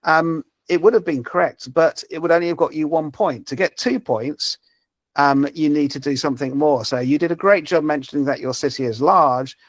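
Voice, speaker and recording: A man's voice: on the high side, moderate pace, no room sound. A man presenting a language-learning app in a live webinar, talking over a video call with many fillers and restarts. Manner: hesitant, many fillers and repeated words.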